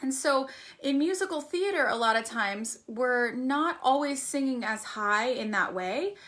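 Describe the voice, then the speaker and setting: Bright-voiced woman teaching singing. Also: high voice, animated, unhurried. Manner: demonstrates with sung warm-ups and examples. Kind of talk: singing workshop for musical theater. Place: arts center.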